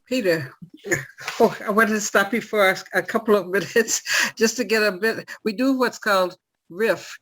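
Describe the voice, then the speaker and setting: A woman hosts a relaxed group talk over a video call. She speaks at a middling pitch and fills her sentences with little hesitations as she leads the discussion. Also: normal speed, low-quality recording. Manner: chatty, with many fillers. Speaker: podcast host.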